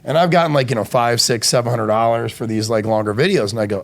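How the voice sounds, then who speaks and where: A man's voice: medium pitch, fast talker, gravelly. A man hosting a podcast, telling stories in casual chat with lots of swearing and acted-out quotes. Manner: profane, storytelling, acts out quoted voices. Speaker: podcast host.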